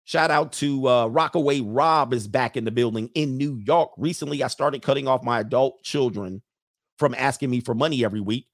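A man's voice: mid-range voice, fairly quick, no echo, clean studio sound. A man hosting a casual livestream, reading viewer messages, joking, laughing often and mimicking people.

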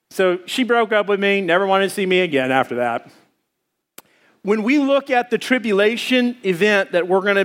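A male pastor preaching a sermon, telling a lively personal story and acting out his own screams. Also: sits high.

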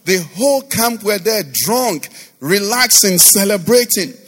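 A man's voice: sits high, expressive, measured pace, fairly bright tone, in a large hall, soft background music. A male pastor preaching and leading prayer, with rhythmic repetition and rising fervent declarations. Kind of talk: sermon with prayer over music.

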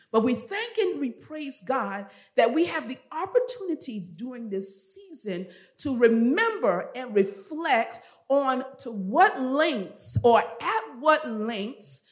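A woman preaching a sermon in a church, leading the congregation in call and response and rising to loud emphatic calls before dropping soft again. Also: sits high, big pitch swings, slow, few pauses. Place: church sanctuary. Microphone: earpiece monitor and handheld or headset mic.

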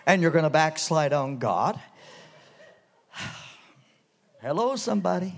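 Guy preaching in church, goes from near whispers to big soaring highs, high voice, slow. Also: very animated, gravelly. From Canada. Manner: swings between hushed lows and soaring shouted highs. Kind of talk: revival sermon.

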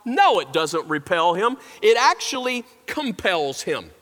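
A man's voice: sits high, very animated, unhurried, fairly bright tone. A man preaching a sermon in a church, telling stories and talking straight to the congregation. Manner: storytelling, talks straight to the congregation. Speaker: pastor. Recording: echoey large hall.

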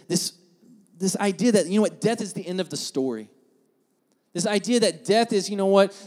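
A man preaching a sermon who is earnest and repeats words as he builds emphasis, moving between hushed scripture reading and loud rising points. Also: on the high side. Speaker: pastor.

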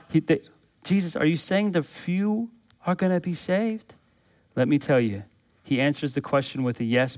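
A man, a pastor, preaching a sermon with emphatic rhetorical questions and repeated phrases for emphasis. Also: mid-range voice.

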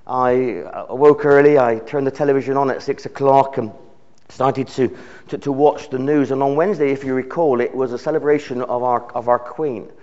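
A man preaches a sermon in a church at a middle pitch. His delivery is earnest, with words often repeated as he builds each thought. The recording sounds dull and lo-fi. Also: fairly even intonation, normal speed, a little mellow. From United Kingdom. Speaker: visiting preacher. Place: church service.

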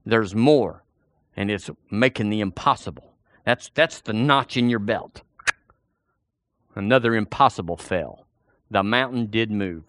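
A man's voice: fairly low pitch, measured pace, pauses often, fairly bright tone. A man preaching a sermon in a folksy, conversational way, talking straight to the congregation and often repeating himself.

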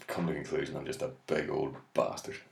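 An Irish man doing stand-up, rambling and swearing freely with a deadpan edge. His voice is very low, and the room gives it a clear echo. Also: fast talker. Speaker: comedian. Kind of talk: stand-up monologue. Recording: echoey room.

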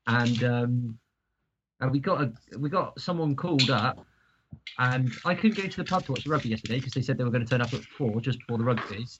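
A man co-hosting a casual podcast, telling an anecdote in an animated way, laughing and swearing casually. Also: mid-range voice, brisk. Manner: animated storyteller who laughs at his own story, swears casually. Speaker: podcast co-host. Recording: slightly dull audio with faint hiss.

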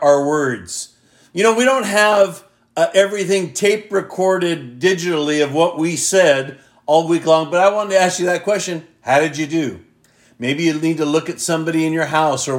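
A man preaching a sermon as a pastor, reading scripture slowly with deliberate emphasis and putting direct questions to his listeners. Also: a little high. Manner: asks the congregation direct questions.

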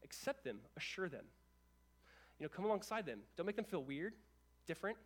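This pastor is a young adult male whose voice sits high. He delivers his sermon with animation and a chatty tone, breaking off now and then for brief remarks to the people in the pews.

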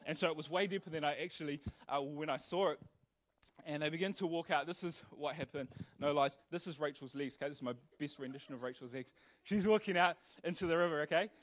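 A young man preaching a sermon, telling a funny story with animated energy before turning earnest. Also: fairly high pitch, fast. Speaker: pastor.

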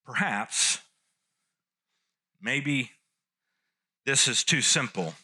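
A man's voice: mid-range voice, expressive, extremely slow, pushed and bright, husky. A man preaching a sermon, teaching earnestly and repeating key phrases for emphasis. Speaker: pastor.

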